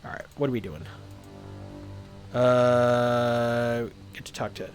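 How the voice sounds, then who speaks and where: A man's voice: mid-range voice, steady tone, takes it slowly, faint music behind. Male streamer with a mid-range voice, rambling, filler-heavy live commentary over a game. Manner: rambling, lots of uhs and ums. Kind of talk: casual live-stream commentary, reading game text aloud.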